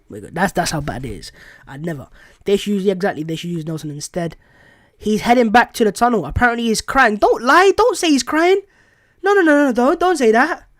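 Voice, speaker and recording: A young man hosting a casual live watchalong stream, reading chat and reacting in an exasperated, emotional way, often repeating himself. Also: high-pitched.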